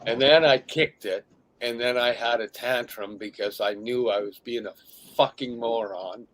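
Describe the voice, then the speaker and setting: A middle-aged man hosting an interview, speaking candidly and emphatically, sometimes dropping to hushed tones. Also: medium pitch, normal speed, rough recording. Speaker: host.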